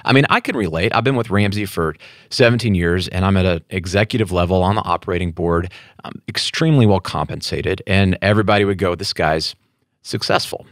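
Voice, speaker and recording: A man's voice: low-pitched, fast, no room sound, clean studio sound. A middle-aged man hosting an interview, thoughtful and earnest, often restarting his phrases. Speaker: interview host. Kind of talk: conversational interview.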